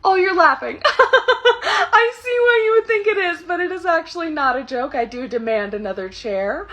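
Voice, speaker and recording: A woman's voice: very high voice, animated, normal speed, pushed and bright, voice pushed up, full character voice. A young woman playing an entitled, demanding middle-aged woman customer who talks indignantly and stumbles over restarts.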